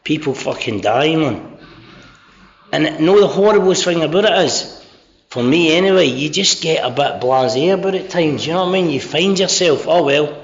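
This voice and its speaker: A man's voice: fairly high pitch, expressive, normal speed. A middle-aged Scottish man with a Scottish accent giving a candid, sweary, self-mocking personal share about recovery at a convention. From Scotland. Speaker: speaker sharing recovery story at a convention. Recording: dull lo-fi convention recording.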